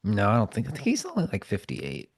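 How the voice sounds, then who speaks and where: A man's voice: lowish voice, huge pitch swings, fast talker, crowd noise. A man co-hosting a podcast, talking bluntly in casual banter and swearing freely. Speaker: podcast co-host.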